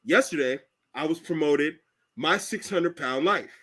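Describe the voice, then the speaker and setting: A man recovering from a cold, chatting profanely on a podcast, laughing and loudly mimicking others. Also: on the high side, unhurried. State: recovering from a cold, voice partly lost. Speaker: podcast co-host. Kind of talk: casual chat.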